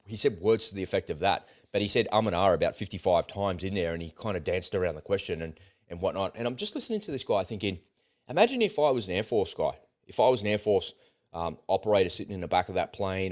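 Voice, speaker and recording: A man's voice: low-pitched, lively intonation, quick pace. A man co-hosting a casual political chat, blunt and exasperated, swearing as he rants. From Australia. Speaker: co-host.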